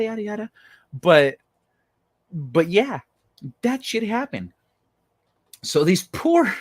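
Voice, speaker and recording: A man hosting a casual livestream, rambling and swearing as he tells stories and answers chat. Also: on the high side. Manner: rambling, profane, animated storytelling. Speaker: livestream host. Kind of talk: casual livestream chat reading viewer comments.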